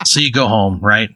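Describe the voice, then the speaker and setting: A man runs a tabletop game, narrating scenes in a loose, vivid style. His voice sits low but sounds very bright. The recording is dry and close. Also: dry recording. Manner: casual, vivid storytelling. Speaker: game master.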